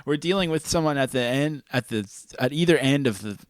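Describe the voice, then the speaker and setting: Podcast host, male, lively playful delivery, dry close sound. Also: mid-range voice, a little fast, dry recording. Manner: playful, laughs often, animated. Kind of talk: casual chat.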